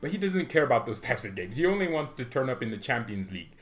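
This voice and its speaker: A man's voice: medium pitch, big pitch swings, quick pace, fairly bright tone. A man hosting a fan channel, giving casual football commentary in a joking, rambling, slangy way.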